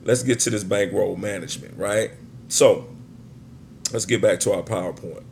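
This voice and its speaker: A man's voice: fairly low pitch, moderate pace, creaky, darkish tone, slight background noise. A man teaching sports betting in a casual screen-share walkthrough, chatty and often checking in with his listeners. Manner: chatty, keeps checking in with "right?" and "guys".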